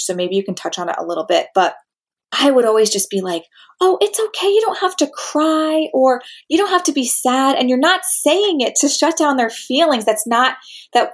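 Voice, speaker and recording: A woman hosting an interview, talking in a chatty way with many fillers and an occasional sigh. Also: medium pitch. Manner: chatty, filler-heavy, with sighs. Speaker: interview host. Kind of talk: casual interview chat.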